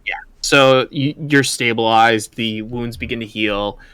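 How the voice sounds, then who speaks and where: A man's voice: mid-range voice, steady tone, a little slow, a bit bright, clear, resonant tone, no room sound. A man acting as game master who narrates a tabletop game in a loose way, full of fillers. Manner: descriptive, filler-heavy narration with many "like"s.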